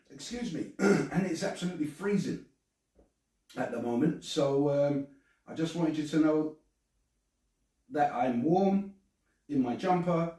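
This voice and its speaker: A man's voice: a little high, expressive, slow pace, long pauses, a bit bright, heavy reverb, recorded from a distance, low-quality recording. A man from England, chatting alone on a live stream and reading out comments, rambling and stammering. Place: at home, alone.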